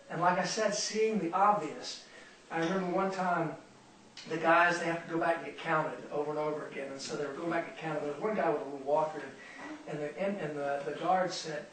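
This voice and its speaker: A man leads a Bible study in a sermon style, earnest and repeating his words to drive points home. His voice sits high for a man. He is recorded from a distance in a very echoey room with a faint hiss behind him. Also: a bit bright.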